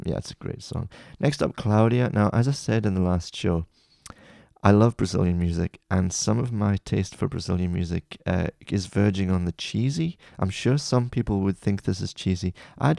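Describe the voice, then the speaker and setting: A very low-pitched man with a heavily gravelly, dark voice talks through his favourite songs in a casual, rambling way. He often second-guesses and corrects himself mid-thought. The sound is dry, with no room echo. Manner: chatty, rambling, self-correcting. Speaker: music playlist host. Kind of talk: casual chat about music.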